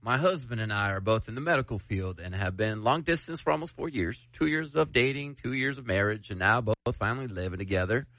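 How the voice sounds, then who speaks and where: Male morning radio host, playful and self-mocking, forceful bright voice. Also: lowish voice, fast, few pauses, no room sound, poor audio. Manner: chatty, laughs at himself. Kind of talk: casual radio banter, reading a listener letter.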